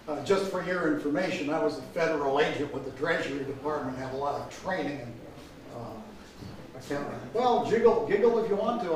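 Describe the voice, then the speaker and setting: A man hosting a town hall as association president, firmly keeping a heated public meeting on topic. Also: fairly high pitch. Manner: firm, tries to steer back to topic. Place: large indoor meeting hall. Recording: echoey hall, mic far off, crowd behind.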